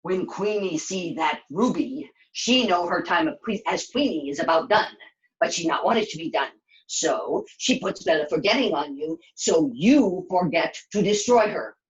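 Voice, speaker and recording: A woman's voice: on the low side, lively intonation, normal speed, roomy sound, muffled recording, lightly acted. A woman puppeteer voicing a solemn magical creature who speaks broken English and gives short, grave warnings in a puppet show. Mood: grave, knowing.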